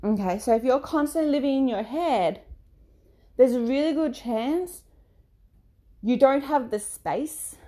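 A woman talking candidly about her life as a mother, expressive and laughing now and then. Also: high voice, unhurried, long pauses. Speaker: mother sharing parenting experience. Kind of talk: casual monologue, coaching tone.

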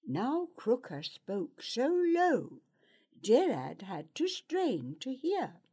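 Slow, breathy woman narrating an audiobook. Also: on the high side, huge pitch swings, mellow. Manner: measured, storytelling.

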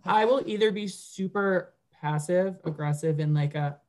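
A woman's voice: low-pitched, steady tone, measured pace, darkish tone. A young woman co-hosting a podcast in casual chat, blunt and outspoken. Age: 20s. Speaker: podcast co-host.

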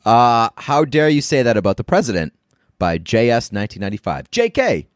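A man's voice: mid-range voice, sing-song, fairly quick, no echo, clean studio sound. A man co-hosting a podcast, casually reading out listener reviews with jokes. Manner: laid-back, jokey, reads reviews aloud. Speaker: podcast co-host.

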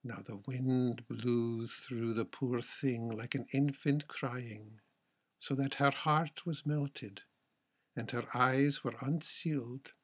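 A man narrating an old-fashioned folk tale in a measured storytelling manner. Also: medium pitch, fairly even intonation, breathy edge. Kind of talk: storybook reading.

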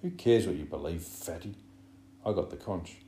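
A man's voice: deep voice, fairly even intonation, a little fast, warm tone, lightly acted. A man voicing a blunt, domineering boy, in a roomy room with a faint hum. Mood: surly. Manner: blunt, dismissive. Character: surly, domineering boy hunter.

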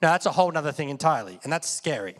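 A man's voice: fairly high pitch, lively intonation, very fast. A man preaching a sermon in a conversational way, often asking his listeners questions and getting them to repeat words. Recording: long hall reverb.

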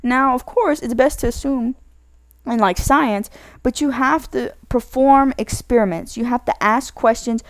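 Speaking unhurriedly in a somewhat high voice, a woman rambles through casual spoken advice on a dry recording. She keeps stopping to correct herself, and "like" turns up constantly.

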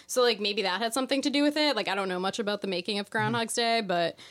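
A woman's voice: medium pitch, quick pace, a bit bright. A woman co-hosting a casual chat, describing a trailer and filling every phrase with "like". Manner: says "like" constantly, upspeak-ish. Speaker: podcast co-host.

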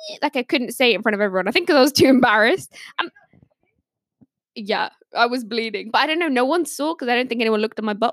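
A woman's voice: fairly high pitch, no room sound, studio quality. A young woman on a podcast panel, casually telling stories and laughing often as she talks. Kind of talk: casual storytelling.

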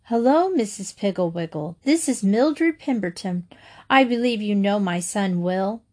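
A woman's voice: medium pitch, expressive, a little slow, darkish tone. A woman reading aloud and voicing a worried, exasperated mother in a storybook. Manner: fretful, exasperated. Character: worried mother of a picky-eating boy.

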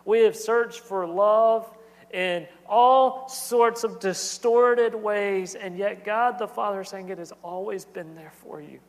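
A man's voice: high-pitched, slow pace. A man in his thirties preaching a sermon as pastor, earnest and repetitive in his cadence. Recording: long hall reverb.

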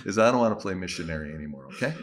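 A missionary pastor telling a personal story in a sermon, animatedly acting out the dialogue. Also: male voice, deep voice, lively intonation, racing.

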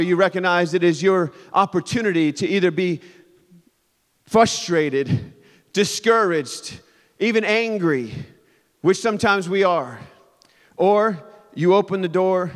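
A man in his thirties preaching a sermon, telling stories animatedly and swinging between loud bursts and hushed moments. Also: high voice. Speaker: pastor. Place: church sanctuary. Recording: long reverb of a large hall.

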